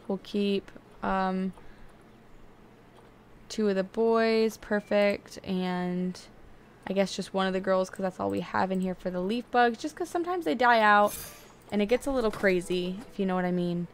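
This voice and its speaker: Chatty and excitable, this young woman game streamer narrates her play and is quick to get annoyed. She has a mid-range voice, with slight background noise.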